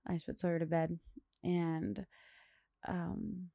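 A young woman chats alone into the mic for her podcast. She rambles along with lots of fillers and small laughs. Her voice sits low and fry-laden, and the sound is close and dry. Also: steady tone, slow, warm tone, no room sound. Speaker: podcast host. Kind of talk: casual solo monologue.

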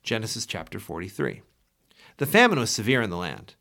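A man reading scripture aloud for a daily Bible podcast in a measured, clear way. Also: fairly low pitch, huge pitch swings, sharp tone. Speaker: scripture reader.

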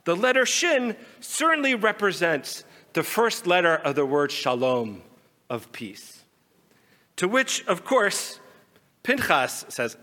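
A man, a rabbi, telling a folk story in a sermon, animated and raising his voice for quarrelling characters. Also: sits high, takes it slowly. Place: large synagogue sanctuary. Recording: long hall reverb.

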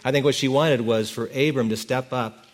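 A man preaching a sermon as pastor, telling the story in a lively way and correcting himself as he goes. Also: medium pitch, normal speed.

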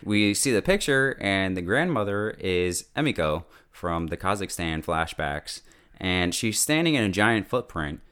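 Animated man recapping a TV episode. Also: low voice, clear, resonant tone. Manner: animated, acts out characters in quick bursts. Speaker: podcast host recapping a TV episode. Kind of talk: casual recap and review.

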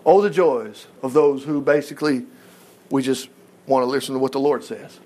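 A man's voice: medium pitch, steady tone, normal speed, darkish tone. A man preaching an informal Bible-study sermon, reading scripture aloud and breaking off with folksy comments.

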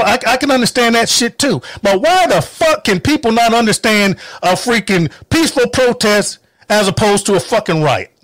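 A man with a high, swooping voice rants in anger, swearing hard and driving every point home with heated emphasis. The recording is dry and close, with no room sound. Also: a bit bright, no echo. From North Carolina, US. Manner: mocking quoted voices. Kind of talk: angry political rant.

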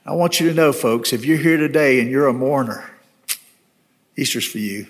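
A man's voice: medium pitch, a little fast. A man, a pastor, preaching a storytelling sermon in a church and closing in earnest prayer. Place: church sanctuary.

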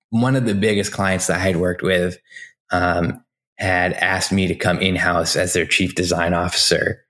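A man in his forties, a guest in an interview, telling stories about his design career in a chatty, anecdotal way, full of fillers and restarts. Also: sits low. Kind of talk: casual storytelling interview.

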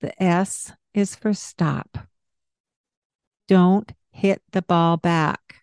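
A woman's voice: on the low side, flat delivery, slow, clear, resonant tone, no echo, studio quality. A woman hosting a parenting talk, explaining ideas in a conversational teaching style with everyday examples. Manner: explains warmly with examples and asides. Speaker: parenting podcast host.

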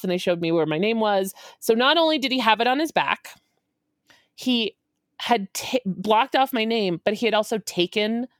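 A woman in her forties telling a story in an animated way, acting out quotes and laughing often. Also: mid-range voice, dry recording, clean studio sound. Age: 40s.

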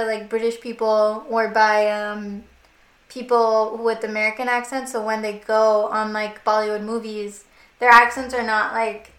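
A woman's voice: on the high side, a bit bright, echoey room. A young woman co-hosting a casual chat, talking loosely with lots of "like". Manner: chatty, fillers of "like".

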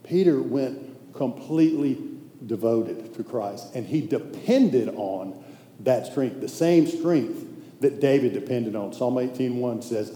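A man preaching in a casual, emphatic way, his voice dark and mellow. He often sinks into a hushed, intense tone. The sound carries a long echo through a large hall, with faint noise behind it. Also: mid-range voice, unhurried. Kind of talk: sermon.

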